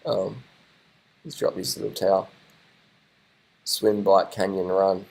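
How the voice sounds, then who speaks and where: A man with a lowish voice talks his way through race footage in a loose, excitable ramble. He repeats phrases, trails off and swears casually as he reacts. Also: slow pace, gravelly, rough recording. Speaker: cycling coach and video host.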